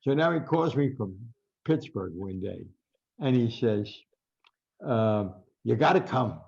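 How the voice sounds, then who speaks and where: An older man with a New Jersey accent rambles through anecdote after anecdote and acts out what people said. His voice is gravelly and husky. The audio is dull and lo-fi. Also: lowish voice, expressive, takes it slowly, a little mellow. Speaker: guest boxing writer. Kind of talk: storytelling interview.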